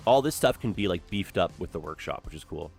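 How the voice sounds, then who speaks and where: A man's voice: low-pitched, animated, fairly quick, vocal fry, faint music behind. Chatty man streaming a game. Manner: chatty and upbeat, lots of "like" and "eh?". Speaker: streamer playing a city-building game. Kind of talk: casual live-stream commentary.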